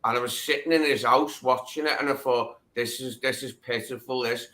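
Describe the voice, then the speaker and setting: A man's voice: mid-range voice, steady tone, moderate pace, pushed and bright. A man co-hosting a live stream, chatting casually in a blunt, plain-spoken way. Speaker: co-host. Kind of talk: casual chat.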